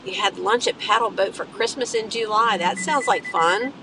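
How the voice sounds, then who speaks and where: Woman, live-stream host, casual chat while driving, gravelly voice, clear road noise inside a car. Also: mid-range voice, moderate pace. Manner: chatty, greets viewers by name between traffic remarks. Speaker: livestream host.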